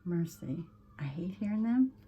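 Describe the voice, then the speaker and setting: A woman with a Southern American accent chatting casually as she crafts, homey and prone to drifting off topic, with a slightly husky voice and frequent throat-clearing. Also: lowish voice, very animated, moderate pace, warm tone. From Southern United States. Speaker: crafting channel host. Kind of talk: casual craft-along chat.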